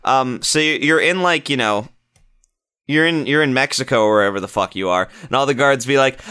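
A man's voice: medium pitch, a little fast, bright, forceful tone, clear, resonant tone. A man in casual podcast chat about video games, rambling and profane, often breaking into mocking impressions.

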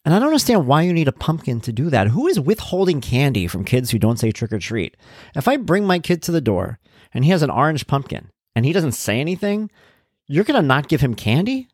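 A middle-aged man hosting a podcast, telling stories about his son in a casual, animated way and getting worked up as he talks. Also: a little high, fairly quick, no echo, studio quality. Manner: animated storytelling, gets worked up, acts out quotes. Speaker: podcast host, parent of an autistic son.

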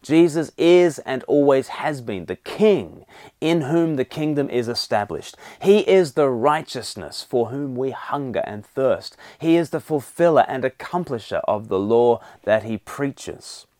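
A man preaching a sermon, rising in pitch and loudness to stress his key points. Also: lively intonation, measured pace, dry recording, clean studio sound.

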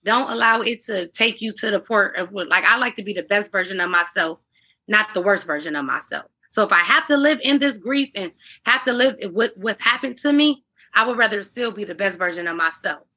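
A woman's voice, bright and edged with a husky breathiness, sitting slightly high. She talks as a guest in an earnest, faith-driven way, restarting her sentences as she goes. The audio is dull and lo-fi. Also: animated, fairly quick. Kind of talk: candid conversational interview.

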